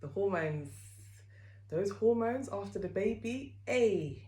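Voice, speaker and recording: A woman's voice: mid-range voice, expressive, slow, dark tone. Candid woman vlogging in an echoey room. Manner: chatty and candid, with many fillers. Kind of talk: candid talk to camera.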